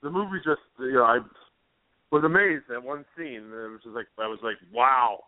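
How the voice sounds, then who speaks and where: A radio co-host with a medium-pitched voice speaks briskly and with lively intonation. He chats casually and rambles, hesitant and full of fillers. The tinny, phone-like audio carries no room sound.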